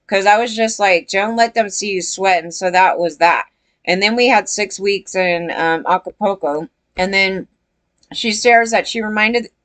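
A woman's voice: mid-range voice, a bit bright. A woman giving casual commentary on a story, rambling and breaking into heated quotes.

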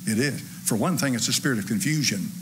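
Animated pastor preaching. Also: male voice, medium pitch, brisk, background noise. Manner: folksy, animated preaching with laughs and asides to the congregation. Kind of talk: sermon. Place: church sanctuary.

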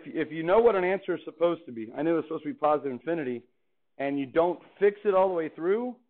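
A man teaching a calculus class in a chatty, playful way, often asking the students questions. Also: fairly high pitch. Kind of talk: classroom lecture. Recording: tinny phone-like classroom recording.

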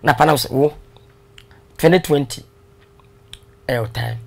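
Gravelly guy chatting in an interview, lively storyteller, drops english bits. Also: fairly high pitch, unhurried. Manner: animated storyteller, laughs, mixes in English. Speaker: guest. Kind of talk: casual interview talk.

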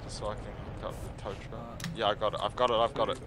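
A man's voice: fairly low pitch, flat delivery, quick pace. Exasperated gamer man, heavy line noise. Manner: exasperated, swears a lot. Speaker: player. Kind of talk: voice chat during game role-play.

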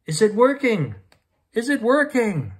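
A man voicing a fretful, excitable mother in a read-aloud storybook, exclaiming and yelling. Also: sits high, fairly quick, pitched above the performer's own voice, natural voice. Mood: panicky. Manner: frantic, exclaiming, rising to yells.

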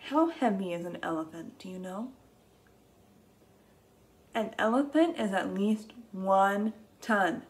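A young woman teacher reads a picture book aloud to small children at a deliberate, unhurried pace, recorded at home on a webcam. Her voice sits at an ordinary middle pitch. She gasps and stretches her words with exaggerated wonder to keep young listeners with her. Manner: slow, gentle and very expressive, with gasps and exaggerated excitement.

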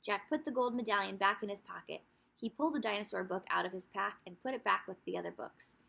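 A woman's voice: mid-range voice, quick pace, gravelly, sharp tone, breathy edge. A woman teacher reading a children's chapter book aloud, telling the story expressively with asides to young listeners.

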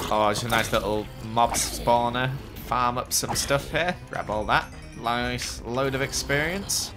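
A young man giving chatty, excitable commentary while playing a video game. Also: mid-range voice, a little slow, music in the background. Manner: excitable, chatty, jumpy exclamations. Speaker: gaming YouTuber. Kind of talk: casual Let's Play commentary.

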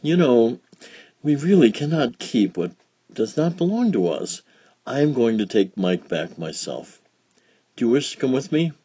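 A man reading a children's storybook aloud, voicing a gentle, patient mother who talks softly, calm and kindly firm. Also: mid-range voice, unhurried, breathy edge, no room sound, voice pushed up.

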